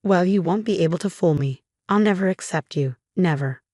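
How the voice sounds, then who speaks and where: A woman's voice: fairly low pitch, brisk, a little mellow, no echo, lightly acted. Sneering sarcastic mother-in-law, read by a woman. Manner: sarcastic, snapping. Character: sarcastic hostile middle-aged mother-in-law.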